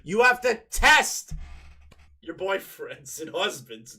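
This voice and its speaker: Sarcastic high, lively male commentator. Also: slow pace, slight background noise. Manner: sarcastic, exasperated, bursts of laughter and swearing. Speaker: commentary video host. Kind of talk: mocking reaction commentary.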